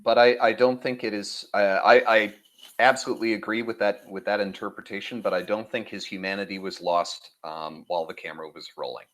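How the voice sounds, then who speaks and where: A man on a podcast panel speaking hesitantly and softly. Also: fairly low pitch, fairly even intonation, fairly quick. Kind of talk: casual roundtable discussion.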